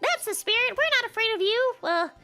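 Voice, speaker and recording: Lady doing a super squeaky bouncy fairy sidekick, upbeat and teasing, faint music. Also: expressive, a little fast, bright, forceful tone, full character voice. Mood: chirpy. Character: perky tiny winged female fairy companion.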